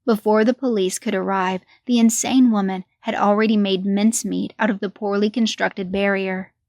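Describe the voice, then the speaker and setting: A woman narrating a horror story in a measured, deliberate way. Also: medium pitch, fairly even intonation, darkish tone, no echo, studio quality.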